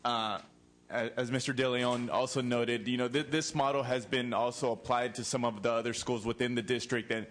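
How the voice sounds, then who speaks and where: A man testifying for a school district at a committee hearing, halting, with many fillers and repeated words. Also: mid-range voice, fairly even intonation. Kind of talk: formal testimony. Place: legislative committee hearing room.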